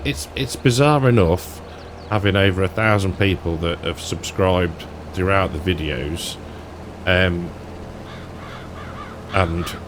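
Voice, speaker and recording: A man with a low voice talks in an unhurried way as he plays a farming game. He thinks aloud, rambles and chuckles between remarks. A faint hum sits under the desk microphone. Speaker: gaming YouTuber. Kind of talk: casual gameplay commentary.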